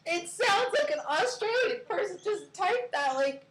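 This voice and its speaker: A woman's voice: very high voice, animated, a little slow, crowd noise, poor audio. A woman hosting a casual crypto livestream, chatty and giggly, rambling with lots of fillers. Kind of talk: casual chat.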